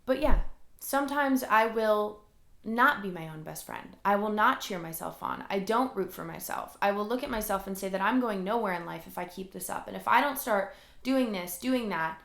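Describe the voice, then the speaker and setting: Woman rambling through a solo pep-talk podcast, lots of likes, mid pitch, echoey room at home. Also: lively intonation, moderate pace, gravelly, a bit bright. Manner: earnest, rambling, frequent "like" fillers. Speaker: podcast host. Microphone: recorded alongside a camera.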